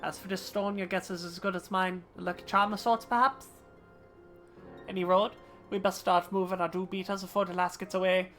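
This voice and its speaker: A woman's voice: on the low side, fairly even intonation, brisk, a bit bright, soft background music, close to an everyday voice. Woman reading as a sly, slangy male rogue. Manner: old-fashioned rogue slang, reading game dialogue aloud. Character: slangy roguish male thief, sly and wry.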